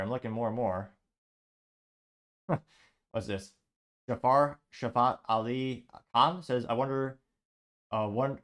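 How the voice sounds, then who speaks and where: Man reading comments with dry asides. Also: mid-range voice. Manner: reads quotes aloud with dry asides. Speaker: show host.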